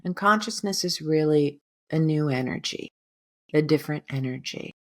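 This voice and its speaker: A woman speaking as a healer on an interview podcast, calm and gentle, at times leading a guided breathing meditation. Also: sits low, moderate pace. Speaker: guest healer and hypnotherapist.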